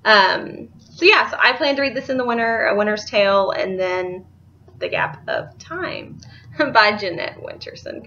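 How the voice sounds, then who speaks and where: A woman's voice: medium pitch, big pitch swings, unhurried, bright, forceful tone, highs cut off, slight background noise. A young woman, chatting casually and rambling about books she bought, laughing easily. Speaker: book vlogger. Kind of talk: casual chat.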